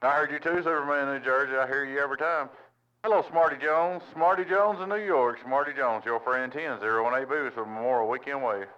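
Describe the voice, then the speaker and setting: A man's voice: mid-range voice, brisk. A man from Tennessee, chatting on CB radio in a friendly way and repeating his sign-off. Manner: friendly, repetitive call-sign sign-offs. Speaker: CB radio operator. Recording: lo-fi radio with static.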